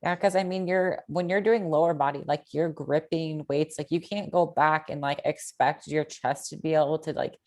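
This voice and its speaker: A woman with a notably low speaking voice hosts a casual podcast chat. She talks loosely and agreeably, stringing thoughts together with fillers. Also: moderate pace, hardly any pauses. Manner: relaxed, agreeable, filler-laden. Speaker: podcast host.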